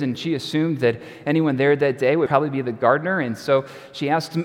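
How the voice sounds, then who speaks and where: Conversational pastor preaching in a reverberant hall. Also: male voice, medium pitch, a little fast, hardly any pauses. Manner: conversational and wry, with quiet trailing endings. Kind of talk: sermon. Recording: long reverb of a large hall.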